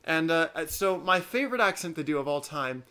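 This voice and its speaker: A teenage man in casual chat, telling stories in an animated way and laughing often. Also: a little high, normal speed, clean tone. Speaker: co-host.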